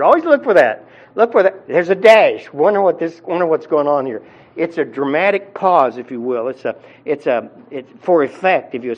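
Man preaching, conversational teaching tone, somewhat high voice, muffled lo-fi recording. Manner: conversational teaching with many fillers and restarts. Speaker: pastor. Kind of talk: sermon.

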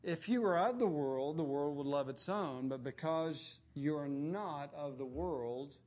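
A male preacher delivering a sermon at a slow, deliberate pace. His voice sits a little high, and he drops it low and quiet on the words he stresses. He clears his throat often between phrases. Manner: emphatic, dropping low and quiet on key words.

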